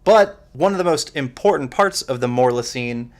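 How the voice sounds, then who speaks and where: A man co-hosting a podcast, chatting casually about an old film with animated, excited bursts and frequent laughs. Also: medium pitch, normal speed. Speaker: podcast co-host. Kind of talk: casual movie discussion.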